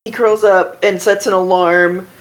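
Woman tabletop player, mid-pitched, giggly, offhand. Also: steady tone, measured pace. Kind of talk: casual tabletop role-play.

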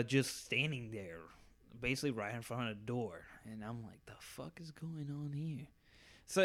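A young man co-hosting a podcast, telling a story in casual chat with animated quoted voices and frequent laughter. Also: fairly high pitch. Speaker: podcast co-host.

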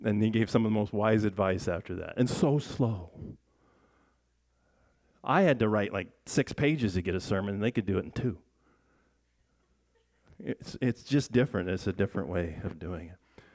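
A pastor with a lowish, slightly mellow voice speaks at normal speed but pauses often. In church, he gives a chatty, conversational sermon, exploring the text with his congregation, asking them questions, and repeatedly restarting his sentences.

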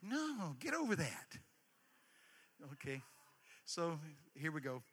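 A man preaching a sermon, emphatic, swinging from hushed asides to shouted lines and calling for responses. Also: a little high, wildly swooping pitch, slow, husky, big-room sound. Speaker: pastor.

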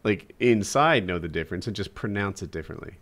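A man chatting casually who tells stories in an animated, mocking way. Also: low-pitched, fast talker. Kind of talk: casual chat.

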